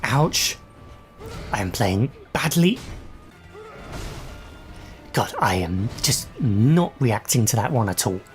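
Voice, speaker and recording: A man's voice: fairly low pitch, very animated, takes it slowly, pauses often, soft background music. A young adult man casually commentating his own gameplay, swearing and reacting aloud as he fights. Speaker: gaming channel host.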